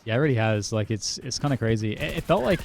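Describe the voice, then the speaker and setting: Young guy calling a shooter match, quick play-by-play, mid pitch, joking around, bit of faint hiss behind. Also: lively intonation, vocal fry. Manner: brisk, light-hearted, self-deprecating. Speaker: esports caster. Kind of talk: play-by-play commentary. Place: lives in California, casting remotely from London.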